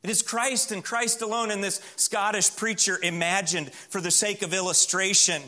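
A man's voice: high voice, steady tone, moderate pace, bright, forceful tone. A man preaching a sermon in a church, building emphatic lists and acting out quoted voices in an anecdote. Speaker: pastor.

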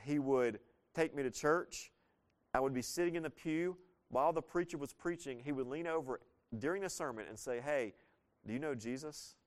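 A man's voice: fairly high pitch, normal speed. A man with a Southern US accent preaching a sermon as a pastor, in a conversational, folksy storytelling way with sudden bursts of emphasis. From Southern United States.

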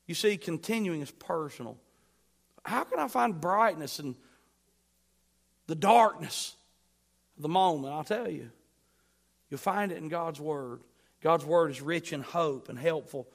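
A high-voiced man preaches a sermon from the pulpit. He talks with emphasis, swinging from loud bursts to quiet asides. He keeps asking his congregation questions. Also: animated, a little slow, creaky, long pauses. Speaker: pastor.

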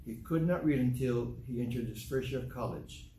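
A man's voice: medium pitch, lively intonation, normal speed, warm tone, slight background noise. An older man preaching a sermon emphatically, quoting scripture in old-fashioned English. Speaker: pastor. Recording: echoey room from a distance, faint ambience.

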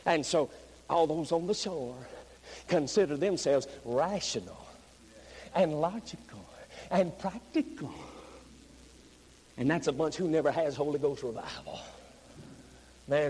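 A man preaching a revival sermon, moving from low, plain talk up to high, shouted pleading. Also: unhurried, long pauses, slight background noise, low-quality recording.

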